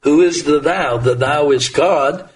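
Slow, emphatic male preacher. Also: distant mic, low-quality recording. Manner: slow, emphatic preaching that rises in pitch on quoted lines. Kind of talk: sermon.

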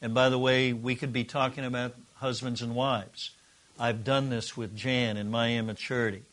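A man's voice: mid-range voice, level tone, moderate pace, fairly bright tone. Earnest middle-aged man teaching a class. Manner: earnest, conversational, acts out example dialogue. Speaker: teacher of a relationship course. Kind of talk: teaching a class to a live group.

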